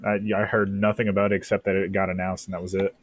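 Low-voiced rambling podcast guy. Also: flat delivery, fast talker. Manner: rambling, enthusiastic, hesitant with fillers. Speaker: podcast co-host. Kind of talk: casual chat.

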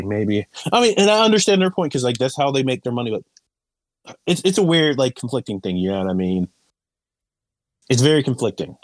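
A man's voice: medium pitch, no room sound. A man co-hosting a podcast in a laid-back, slangy way, often agreeing and calling his partner dude. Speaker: podcast co-host. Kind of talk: casual chat.

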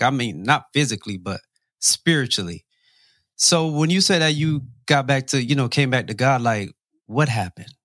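A man's voice: mid-range voice, a bit bright, no room sound, clean studio sound. A man hosting a faith interview, asking earnest questions with preacher-like asides and some repeated starts. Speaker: host.

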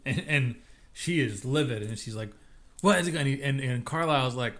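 A man's voice: mid-range voice, animated, normal speed, a bit bright. A man co-hosting a casual podcast, retelling TV scenes and acting out the characters' lines. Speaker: podcast co-host. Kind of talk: casual recap chat.

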